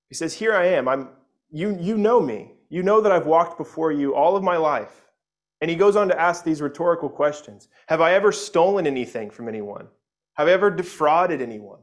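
A man's voice: a little high, animated, a little fast. A male pastor preaching a sermon in a loose, conversational way, often restarting his phrases.

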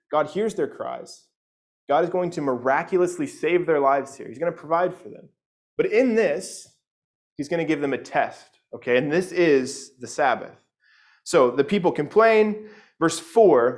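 Casual young male preacher, slightly high voice. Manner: conversational, many "like"s and asides, slips into quick voices for people in the story. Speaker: pastor. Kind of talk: casual sermon with scripture reading.

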